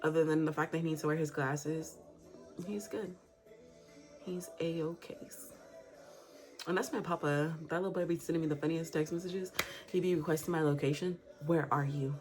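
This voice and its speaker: A woman's voice: sits low, fairly even intonation, moderate pace, music in the background. A young woman vlogger, telling a story in casual, profane chat and acting out the quotes. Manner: candid and profane, acts out quotes.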